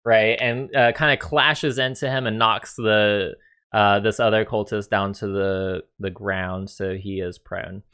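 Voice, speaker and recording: A man's voice: lowish voice, steady tone, a little slow, bright, forceful tone, smooth. A man narrating as dungeon master in a loose, casual way, with many fillers and some swearing. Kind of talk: narrating a tabletop game.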